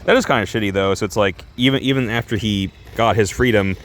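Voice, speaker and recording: A man's voice: lowish voice, fast, a bit bright, slight background noise. A man casually reviewing a comic book in a rambling, crude, chatty way, laughing often and correcting himself as he goes.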